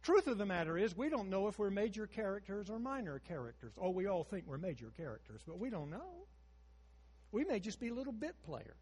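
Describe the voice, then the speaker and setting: A man in his sixties preaching a sermon, moving between hushed storytelling and emphatic rises. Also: sits high, sing-song, a little fast, big-room sound.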